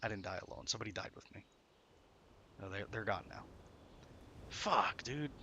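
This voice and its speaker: Streamer, young man, bright forceful voice, swearing gamer commentary, faint ambience behind. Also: lowish voice, animated, moderate pace, a little hiss or hum. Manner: swearing, swinging between frustration and laughter. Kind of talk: live gameplay commentary.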